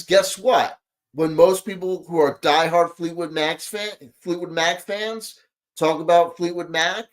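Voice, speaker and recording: Exasperated ranting man. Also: fairly high pitch. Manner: exasperated, sarcastic, talks back at the clip; rambling with many fillers. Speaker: commentary host reacting to a clip. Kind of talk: ranting reaction commentary.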